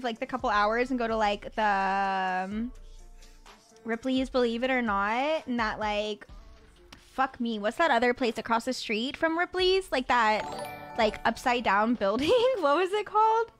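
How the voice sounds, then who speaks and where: Faint music plays behind a young Florida Panhandle woman, USA, as she chats unhurriedly with her live-stream viewers. Her voice is a little high with lively intonation, and she rambles, using lots of fillers and tripping over her words.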